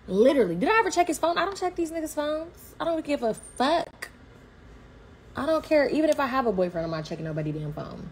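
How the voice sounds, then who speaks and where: A woman's voice: on the high side, brisk, slight background noise. Blunt, profane woman telling a story. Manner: animated, blunt, slangy and profane. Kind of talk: casual livestream storytelling.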